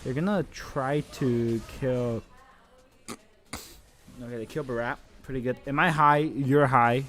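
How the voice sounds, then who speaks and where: A man casually commentating an esports match on his live stream, joking and swearing, with bursts of excited shouting. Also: medium pitch, measured pace.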